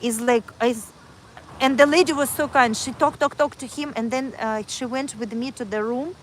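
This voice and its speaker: A woman's voice: high-pitched, moderate pace, slight background noise, poor audio. A woman telling a personal story on a livestream in earnest, repetitive, broken English, speaking into a phone. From Kazakhstan.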